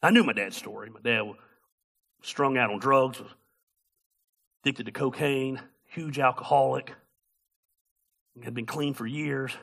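A man preaching a sermon as a pastor, telling a story in an animated, humorous way. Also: medium pitch, a little slow, gravelly, long pauses.

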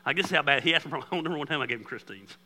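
A male pastor preaching a sermon, telling a personal story with self-deprecating humor in a conversational tone that has lively bursts. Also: on the high side, racing, rough recording.

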